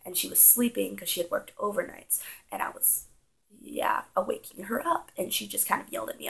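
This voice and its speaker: Young woman, vlogger, casual storytime delivery with a heavy gravelly fry, acts out her younger self with animated panic. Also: mid-range voice, fast, low-quality recording.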